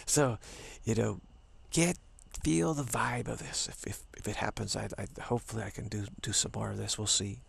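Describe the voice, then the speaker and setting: A man hosting a casual spiritual talk video, rambling playfully with hushed asides. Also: on the low side, fairly even intonation, moderate pace, vocal fry, few pauses, husky.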